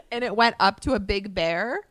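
A young woman with a mid-pitched voice, telling a travel story in a loose, chatty way full of "like." The sound is dry and close, with no echo. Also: a bit bright. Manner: chatty storyteller, heavy use of "like". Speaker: podcast co-host. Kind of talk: casual chat.

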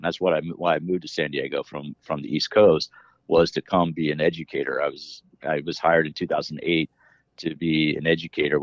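A man's voice: a bass voice, no room sound, muffled recording. A middle-aged man talking as an interview guest, rambling with many restarts as he explains his work in fitness education. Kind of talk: casual interview conversation.

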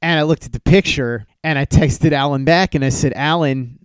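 A man's voice: fairly high pitch, moderate pace, clean tone, dry recording. A man hosting a podcast, telling a story casually and acting out the exchanges he quotes with a livelier voice. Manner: animated retelling, acts out quoted texts with raised voice. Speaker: podcast host.

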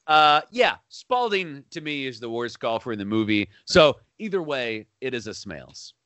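A man co-hosting a podcast, chatting casually about a film, animated and quick to laugh. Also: mid-range voice, clear, resonant tone, no room sound. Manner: animated, laughing, breaks into shouted bits. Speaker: podcast co-host.

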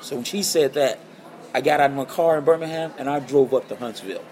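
With a mid-range voice and a fast way of talking, the guitarist being interviewed on the podcast spins animated stories. He acts out each quoted person's voice.

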